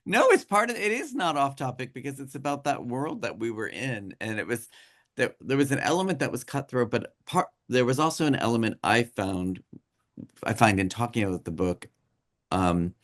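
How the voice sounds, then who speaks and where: A man's voice: medium pitch, animated, moderate pace. A man, a novelist being interviewed, talking casually and backing up the host with short agreements. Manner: warm, affirming listener with short agreements. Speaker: novelist guest.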